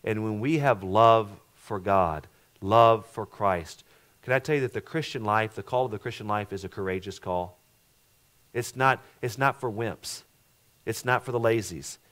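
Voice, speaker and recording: Middle-aged male pastor, lowish voice, sermon delivery, surges loud then drops to a hush, repeats himself. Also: moderate pace. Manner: preaching with swings from loud emphatic to hushed; repeats words and restarts, asks the congregation questions.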